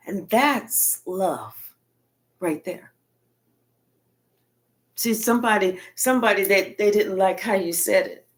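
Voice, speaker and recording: A woman giving a casual tarot reading in a blunt, colloquial manner with frequent cursing. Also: mid-range voice. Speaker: tarot reader.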